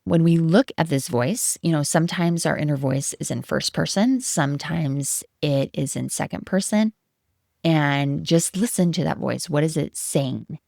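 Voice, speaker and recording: Woman host, life coach. Low, gravelly voice, gentle and encouraging, dry recording. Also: unhurried, dry recording. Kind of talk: solo podcast talk.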